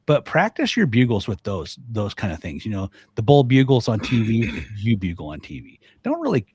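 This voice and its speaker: An older man, a guest on a podcast, talking casually and lively, mimicking sounds as he explains. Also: fairly low pitch, normal speed. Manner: animated, mimics elk bugles and voices. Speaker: guest, elk calling expert.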